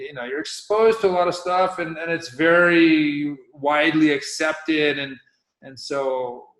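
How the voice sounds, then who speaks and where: A man's voice: mid-range voice, fairly bright tone. Rambling man from Hawaii in an echoey room. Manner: rambling, loose, with many restarts. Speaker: guest, professional windsurfer. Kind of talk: casual interview talk.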